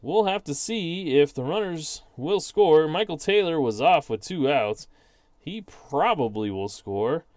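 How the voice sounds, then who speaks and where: This channel host, with an unhurried, slightly mellow voice on the high side and lively intonation, calls a tabletop baseball simulation play by play on a dry recording. After reading each dice result, he narrates like a broadcaster and sometimes pokes fun at himself.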